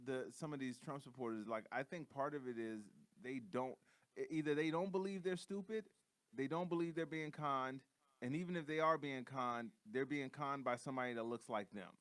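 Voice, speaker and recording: Heated, swearing comedy podcast host. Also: male voice, mid-range voice, normal speed, dry recording. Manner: heated, profane, animated ranting. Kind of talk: casual comedic chat.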